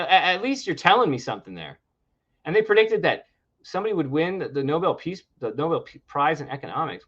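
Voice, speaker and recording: A man rants with sarcasm in a casual livestream chat. His voice sits a little high for a man. The stream audio is dull and lo-fi. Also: fairly bright tone, husky. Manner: ranting, sarcastic. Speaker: livestream co-host.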